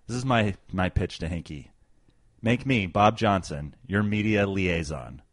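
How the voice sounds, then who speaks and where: Podcast co-host, male, low-pitched, deadpan jokes, dry close sound. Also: measured pace, no echo. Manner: dry, joking delivery. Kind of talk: casual sports podcast chat.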